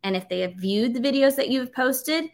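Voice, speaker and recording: A woman presenting a live workshop for educators, talking in an energetic, conversational way and reading chat comments aloud. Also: sits high, brisk. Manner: energetic, conversational, emphatic with filler words.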